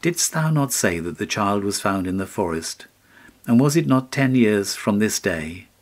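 A grieving beggar woman, pleading and mournful, her low, soft voice close to breaking, as a male narrator puts her on. A fairy-tale figure from a classic storybook. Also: animated, moderate pace. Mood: urgent. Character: poor ragged beggar woman, grieving mother.

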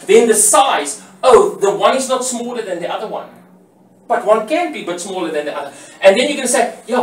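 A man teaching graphic design in a classroom lecture, explaining step by step, repeating key words and asking questions he then answers himself. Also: high-pitched. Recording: roomy echo, voice from far off the mic.

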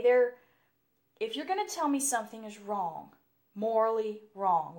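A woman's voice: medium pitch, a bit bright. A young woman hosting a podcast alone, talking frankly and casually, with frequent laughs and lots of "you know". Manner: chatty and frank, laughs often, says "you know" a lot. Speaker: podcast host. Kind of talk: casual solo podcast talk.

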